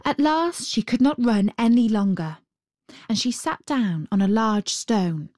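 A woman reading a fairy tale aloud in a gentle, unhurried and expressive way. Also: a little high, no room sound, studio quality. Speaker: storyteller.

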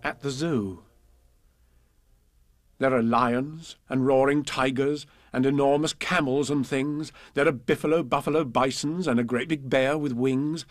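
Casting: a man in a dry, close recording, reading children's verse with gentle expression. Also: mid-range voice, steady tone, a little slow, dry recording. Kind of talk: reading children's poems and stories aloud.

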